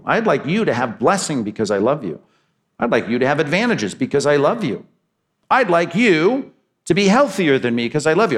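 Emphatic male preacher. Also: medium pitch. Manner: emphatic, repetitive preaching with rising and falling intensity. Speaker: pastor. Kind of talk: sermon.

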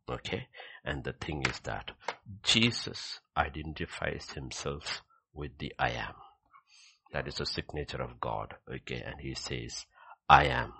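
Male preacher, very low and husky, emphatic sermon delivery with whispered scripture readings. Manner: swings from loud emphatic bursts to hushed, whispered scripture reading; repeats key phrases, says "okay" often.

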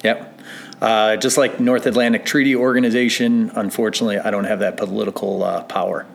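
A man's voice: lowish voice, level tone, a little fast, creaky, slight background noise. A man from northern Illinois, a guest on a podcast, talks casually and rambles in a self-deprecating way, with lots of fillers. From northern Illinois, USA. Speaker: interview guest, assistant track manager. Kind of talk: casual interview chat. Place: tower room at a country club, indoors.

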